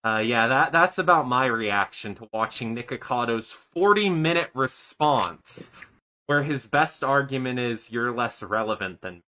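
A man's voice: mid-range voice, expressive, a little slow, bright, forceful tone, low-quality recording. A man co-hosting a podcast, chatting casually in a rambling, profane way that often trails off. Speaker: podcast co-host. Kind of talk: casual commentary chat.

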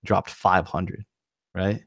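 A man's voice: deep voice, little pitch movement, takes it slowly, creaky, fairly bright tone, husky, no echo, studio quality. A man co-hosting a casual podcast over a video call, rambling with lots of fillers and restarts. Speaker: podcast co-host, streamer.

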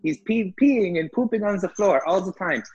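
Guy doing a nosy pushy dog lady, sing-song and higher, kinda husky underneath. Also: lively intonation, moderate pace, darkish tone, highs cut off. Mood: rambling. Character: nosy pushy woman dog owner, oddly blunt.

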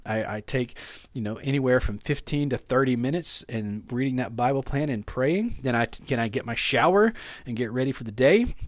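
A male pastor preaching a sermon, reading scripture and telling the story with animated asides to the congregation. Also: mid-range voice, no room sound, studio quality.

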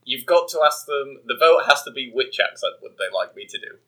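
Podcast host guy, bright voice, lively up and down, reading trivia to his mates. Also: mid-range voice, brisk, poor audio. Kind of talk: casual chat.

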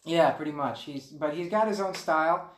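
A man's voice: fairly high pitch, moderate pace, roomy sound, a little hiss or hum. A man co-hosting a casual chat, rambling and laughing often. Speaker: podcast co-host.

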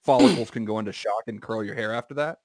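A man's voice: on the low side, lively intonation, fast talker, darkish tone, no room sound, studio quality. A man telling a long, rambling anecdote with swearing and self-corrections in casual podcast chat.

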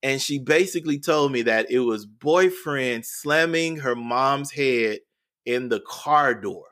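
Male educator guest, earnest storyteller, mid-pitched, repeats himself as he builds. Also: slow pace, a bit bright. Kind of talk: storytelling in a podcast interview.

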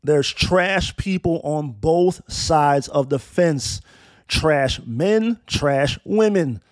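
A man in his thirties talks straight into the mic, blunt and profane, his fairly high voice swinging up and down as he drives each point home. The sound is dry and close, with no room around him. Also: lively intonation, extremely slow, no room sound. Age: 30s. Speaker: commentator. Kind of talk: opinionated monologue with storytelling.

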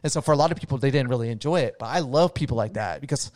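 A man's voice: medium pitch, very fast, darkish tone, dry recording. A man telling a long story in casual chat, rambling with lots of "like" and "dude" and casual swearing.

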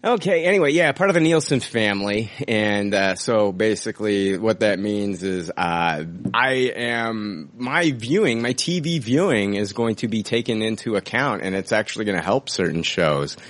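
A man's voice: lowish voice, lively intonation, moderate pace, few pauses. A man hosting a podcast, rambling casually with lots of swearing and laughing at his own jokes. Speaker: podcast host. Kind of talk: casual profane banter.

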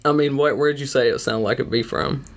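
Podcast co-host, Kentucky man, mid-pitched, rambles and laughs. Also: fairly quick. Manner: rambling, laughs often, trails off. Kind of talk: casual podcast banter.

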